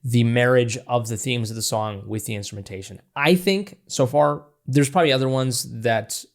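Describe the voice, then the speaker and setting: A man's voice: mid-range voice, moderate pace. Enthusiastic man breaking down a song. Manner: enthusiastic, rambling with restarts, breaks into scatting and laughter. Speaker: music reaction channel host. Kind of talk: casual music analysis.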